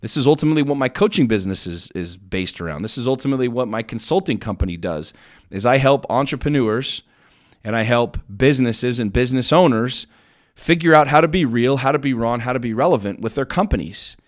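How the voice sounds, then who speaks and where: A man's voice: medium pitch, lively intonation, fairly quick. A middle-aged man delivering a motivational monologue on his own podcast. He speaks bluntly and with intensity, swears freely, and hammers points home by repeating his words. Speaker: podcast host and business coach.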